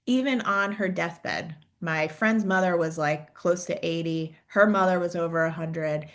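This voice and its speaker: This career coach's voice sits on the low side, and she speaks unhurriedly. Her talk is encouraging and conversational, full of reflective questions and frequent "right?" tags.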